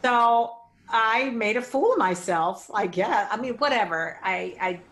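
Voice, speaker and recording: A woman's voice: a little high, unhurried. A woman performer in an interview, telling a story in a chatty way and acting out the people in it. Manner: animated storyteller, acts out dialogue. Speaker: performer and vocal clinician. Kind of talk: casual anecdote in an interview.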